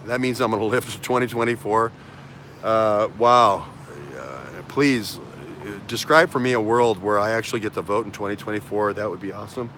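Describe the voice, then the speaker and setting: A man's voice: lowish voice, normal speed, fairly bright tone, a little hiss or hum. A man hosting a casual political talk show, rambling with many fillers, restarts and repetitions. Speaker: host.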